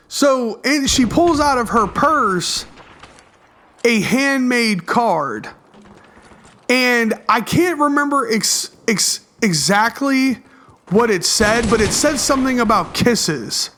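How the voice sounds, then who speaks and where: Young male YouTuber, high voice, slangy and cussing, animated storytime over gameplay. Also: slow, slight background noise.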